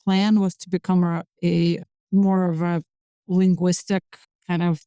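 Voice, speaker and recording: Woman in her forties from Azerbaijan as interview guest, mellow tone, halting speech full of fillers. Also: on the low side, little pitch movement, clean tone, no room sound. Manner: hesitant, many fillers and restarts. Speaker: physician-scientist guest. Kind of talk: conversational interview.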